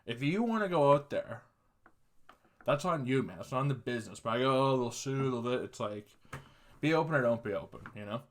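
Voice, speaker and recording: A man's voice: mid-range voice, animated. Rambling sarcastic young man. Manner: rambling, sarcastic, swears freely, quick asides and laughs. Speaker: podcast host. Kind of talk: casual comedic monologue.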